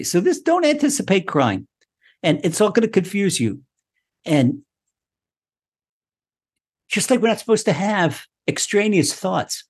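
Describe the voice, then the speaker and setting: A man giving a Torah lesson in an animated, repetitive way, acting out prayers and laughing often. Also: fairly high pitch, gravelly, slightly rough. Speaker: Torah teacher.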